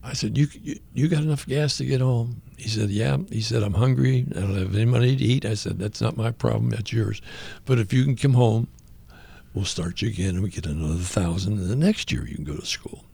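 An older man telling a personal story as a radio guest, animated, acting out the voices of the people he quotes. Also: lowish voice, a little fast, creaky, breathy edge. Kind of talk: conversational testimony.

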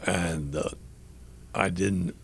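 Older male interview guest, gravelly voice, earnest and reflective storyteller, halting delivery with restarts. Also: low voice, fairly even intonation, a little hiss or hum. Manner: halting, with frequent restarts and fillers. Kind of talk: personal storytelling in conversation.

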